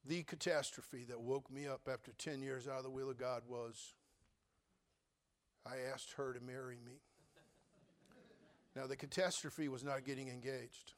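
A man preaching a sermon, telling his own story with humor and big swings between loud and quiet. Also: mid-range voice, steady tone, a little slow, pauses often. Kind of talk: sermon testimony.

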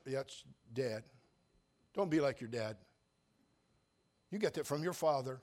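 An older man preaching a sermon, folksy and joking, telling stories and rising into loud preaching at times. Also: mid-range voice, expressive, a little slow. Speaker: pastor.

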